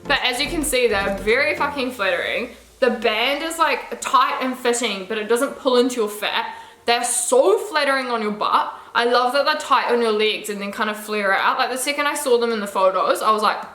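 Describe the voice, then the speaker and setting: A woman's voice: sits high, lively intonation, fairly quick, fairly bright tone, reverberant, faint music behind. A young woman, chatting casually and gushingly through a clothing try-on haul, swearing now and then. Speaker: fashion vlogger.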